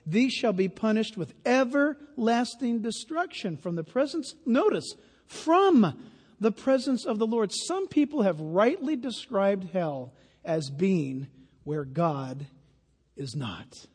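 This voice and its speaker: A man's voice: high voice, very animated, takes it slowly, a little mellow, slightly rough. A man preaching a sermon, emphatic and full of stories. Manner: emphatic, storytelling. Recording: long hall reverb.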